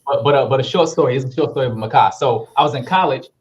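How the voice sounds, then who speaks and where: A man, a guest actor telling stories in a casual interview, relaxed and full of fillers. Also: medium pitch, very fast, muffled recording. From Harlem, New York. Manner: laid-back, full of fillers, lively when retelling.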